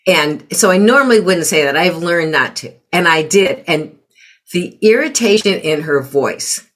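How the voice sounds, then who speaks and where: Woman, middle-aged, lowish pitch, interview guest, reflective, acts out quotes. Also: lively intonation, a little slow. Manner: reflective, acts out quoted remarks in changed voices. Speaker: parenting guest. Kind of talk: conversational interview.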